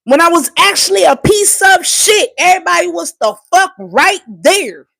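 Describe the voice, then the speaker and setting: Woman from Trinidad, high-pitched, holding back tears, swearing hard through an insistent livestream rant. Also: expressive, normal speed, vocal fry, a bit bright. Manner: profane, impassioned, insistent. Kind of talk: emotional live-stream rant.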